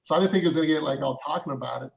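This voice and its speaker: A man who works as an actor, telling a long story in a rambling, halting way. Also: on the high side, creaky. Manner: rambling, halting, with many fillers and restarts. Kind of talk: casual storytelling.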